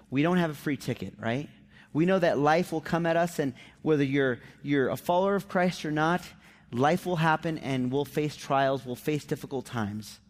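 A male pastor giving a conversational sermon, acting out the quotes of everyday people in a raised voice. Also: fairly high pitch.

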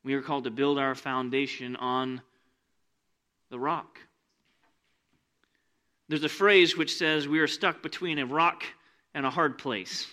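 A man preaching a sermon in a church, animated and conversational, with asides to the congregation. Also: medium pitch, a little slow, long pauses. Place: church sanctuary with rows of seats.

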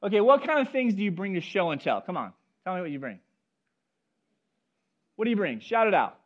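High, lively male pastor preaching. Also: fairly quick, muffled recording. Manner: animated, talks directly to the congregation and children. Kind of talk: sermon with personal stories. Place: church service.

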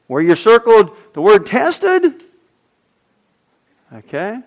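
Animated man preaching a sermon. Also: high voice, slow pace, pauses often. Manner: animated, swings from loud emphasis to near-whispers. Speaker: pastor.

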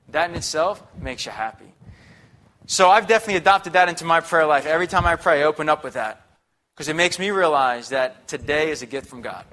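A man's voice: fairly high pitch, bright, forceful tone. A young man preaching a sermon in a chatty, upbeat, conversational way, often checking in with the congregation. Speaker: guest preacher.

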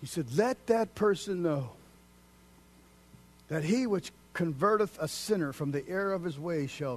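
Fiery preacher swinging loud to hushed. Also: male voice, fairly high pitch, lively intonation, a little slow, a little hiss or hum. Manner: dynamic preaching, swings from loud declaiming to hushed near-whisper. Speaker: pastor. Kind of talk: sermon.

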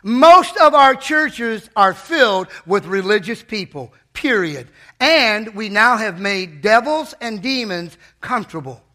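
A man preaching with real fire in a church, his voice sitting high for a man and ringing bright and forceful. He swings from steady teaching into sudden loud, shouted bursts. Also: a little slow, few pauses. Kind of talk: sermon.

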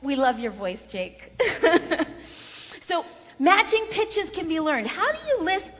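A woman leading a voice workshop for singers in a chatty, lively way with frequent laughter. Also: very high-pitched, slow pace. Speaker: vocal coach. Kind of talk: voice workshop lesson. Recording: long reverb in a large room.

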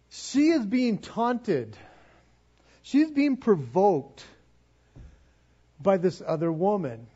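A man delivers a sermon in an easy, conversational way and acts out little asides. His voice sits high and sounds husky. The recording is dull and lo-fi. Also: warm tone. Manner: conversational, with acted-out asides and repetitions. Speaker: preacher.

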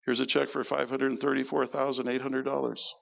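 A man preaching as pastor, telling stories in an animated sermon and quoting people in a lower voice. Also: fairly quick, vocal fry, long reverb tail, lo-fi sound. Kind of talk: sermon storytelling. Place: church service.

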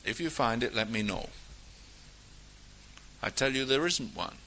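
A man delivers a sermon in a bright, ringing voice. His pitch rises and falls widely as he exhorts his listeners, moving between loud declarations and quiet asides. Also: expressive, a little hiss or hum, low-quality recording. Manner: reads scripture aloud in a ringing, measured cadence. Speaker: preacher.

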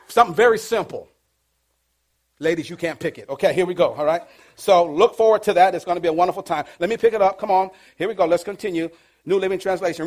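High-voiced man preaching a playful sermon. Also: animated, fairly quick, breathy edge. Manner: playful call-and-response preaching. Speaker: pastor.

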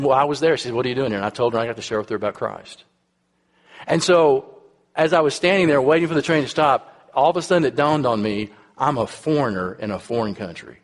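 A middle-aged Texan man preaches at an even, ordinary pitch, telling his story casually and checking in with listeners as he goes. His voice rings out with a long reverb trailing after each phrase, as in a big hall. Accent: Texas. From Texas. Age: 50s. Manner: conversational storytelling, frequent "right?" and "uh" asides. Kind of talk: sermon.

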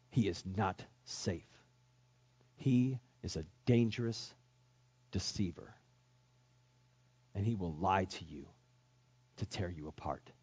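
A man's voice: deep voice, darkish tone, slightly rough. A male pastor preaching a sermon in an earnest, emphatic manner, on a dull lo-fi recording.

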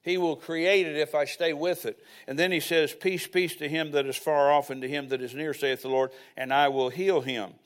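A man's voice: a little high, steady tone, normal speed, few pauses. An older man preaching a sermon as pastor, telling personal stories with folksy asides.

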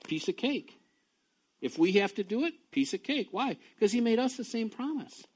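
A man preaching a sermon, reading scripture and telling personal stories, swinging from quiet low talk to loud excited bursts. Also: moderate pace, breathy edge. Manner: reads scripture aloud between personal asides. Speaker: pastor.

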